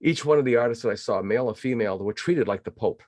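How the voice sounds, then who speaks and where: An older man in his sixties from New England hosts a podcast, spinning animated stories packed with fillers. His voice sits at a middle pitch and sounds close and dry, with no room echo. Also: fast talker. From New England, USA. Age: 60s. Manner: animated storyteller with many fillers. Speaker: podcast host. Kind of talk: casual interview chat.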